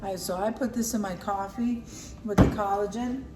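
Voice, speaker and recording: A middle-aged woman vlogger chats casually at home through her grocery haul, speaking briskly in a mid-range, fairly even voice, sometimes with her mouth full. Loud music plays behind her. The room is echoey, the mic is far off, and background noise is clear.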